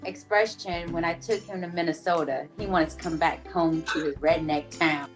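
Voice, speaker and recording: A woman's voice: lowish voice, steady tone, moderate pace, over music. A woman in her thirties from Rhode Island, chatting easily with lots of ums and small laughs as a guest talking about her business. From Rhode Island, USA. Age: 30s. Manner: giggly, easygoing, lots of ums. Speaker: guest, screen-print business owner. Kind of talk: casual interview chat.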